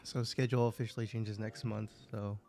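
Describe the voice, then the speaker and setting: A man with a lowish voice answering in short, low-key phrases during a casual chat among friends. Faint music plays in the background. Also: little pitch movement, fairly quick, gravelly, warm tone.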